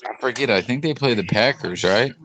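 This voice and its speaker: A man's voice: medium pitch, fairly quick, fairly bright tone, rough recording. A man hosting a live podcast, chatting easily and joking about sports. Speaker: podcast host. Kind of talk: casual live-stream chat.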